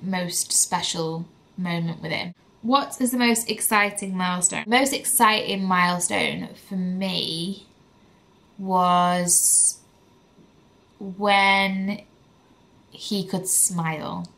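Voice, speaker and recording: A woman's voice: fairly low pitch, fairly even intonation, takes it slowly, gravelly, a bit bright. A young woman, chatting candidly to camera as a vlogging mother, with lots of "like" fillers. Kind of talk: casual chat to camera.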